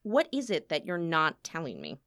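A woman reading as a proud opera diva, wry and openly suspicious. Her lines rise and fall with lively pitch in a storybook reading. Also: normal speed, exaggerated voice.

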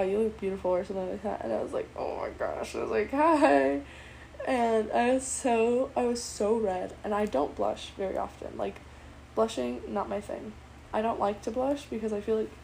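A woman's voice: fairly high pitch, creaky, dark tone, a little hiss or hum, rough recording. A teenage girl casually telling a personal story, chatty and bubbly, full of fillers and quoted dialogue.

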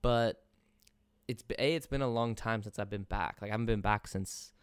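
A man's voice: fairly low pitch, moderate pace, clear, resonant tone, no room sound. A young man from England talking casually on a podcast, rambling with lots of fillers and casual swearing. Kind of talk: casual chat.

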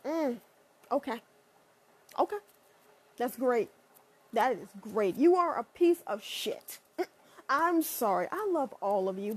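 A woman ranting in a blunt, profane and sarcastic monologue, leaping up and down in pitch. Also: slightly rough. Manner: animated, with sudden pitch jumps.

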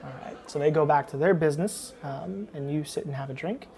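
A woman narrating a tabletop game as game master, relaxed and dotted with fillers. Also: deep voice, fairly quick, gravelly.

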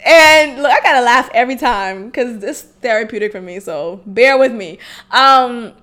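Woman, late 20s, solo podcast host; high, bright voice; candid and casual, salty language, laughs easily. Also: moderate pace. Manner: frank and casual, swearing freely and breaking into laughter.

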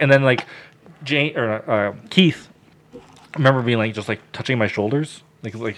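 A man on a casual podcast, telling a story with lots of swearing and loud acted-out quotes. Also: mid-range voice, quick pace.

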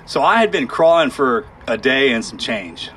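Male guest, mid-pitched, emotional halting storyteller; faint background hiss. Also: animated, fairly bright tone. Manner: halting, emotional, with sighs and restarts. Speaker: guest telling a war story. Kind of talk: candid storytelling in conversation.

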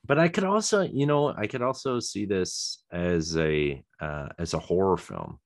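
A man's voice: low-pitched, animated, a little slow, dry recording, studio quality. A man hosting a podcast alone, rambling casually with chuckles, many ums and restarts. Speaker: podcast host. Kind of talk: casual solo chat.

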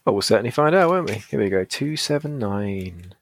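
A man's voice: fairly low pitch, lively intonation, brisk, no room sound. A British man hosting a podcast, reading a gamebook aloud and joking with guests. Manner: playful, jokey. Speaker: host and game reader. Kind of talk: casual podcast chat and read-aloud narration.

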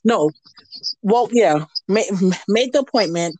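A woman guest on a radio show, telling a candid personal story in a lively way and acting out the voices she quotes. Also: mid-range voice, slow pace, a little hiss or hum.

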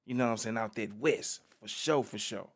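A man's voice: fairly low pitch, fairly quick. A man hosting a casual solo podcast, talking in a laid-back, slangy way and peppering his talk with "man". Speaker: podcast host.

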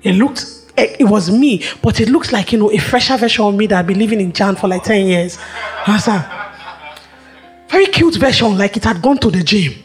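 A woman preacher delivering a sermon with rhythmic, repetitive phrasing and emphatic pauses. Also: medium pitch, lively intonation, soft background music.

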